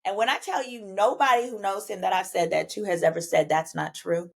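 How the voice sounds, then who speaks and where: A woman with a Southern US accent, a podcast guest telling a personal story in an animated, emphatic way, acting out the dialogue she quotes and cursing freely. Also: medium pitch, fairly quick, creaky. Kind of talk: animated storytelling in casual chat.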